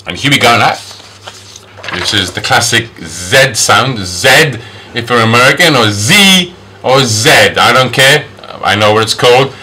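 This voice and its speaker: In a phonics lesson, a man sounds out each English sound and repeats the example words several times, his pitch jumping up on the model words. His voice is animated, a little slow, pushed and bright, with a little hiss or hum in the background.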